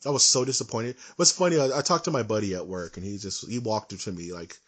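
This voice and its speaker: A man co-hosting a casual podcast, ranting in an animated, emphatic way. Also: fairly low pitch, fast. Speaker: podcast co-host. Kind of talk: casual chat.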